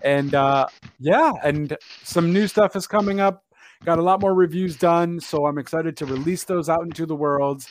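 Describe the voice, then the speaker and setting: A man co-hosts a casual podcast, upbeat and quick to tease the others. His voice sits a bit higher than usual for a man. He chats easily about his own projects and reviews. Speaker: podcast co-host.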